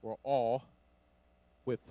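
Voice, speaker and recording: A man preaching a Pentecostal sermon, shouting in call-and-response and dropping to quiet asides. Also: medium pitch, little pitch movement, very slow, no echo, muffled recording. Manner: breathless, drops to quiet asides. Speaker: pastor.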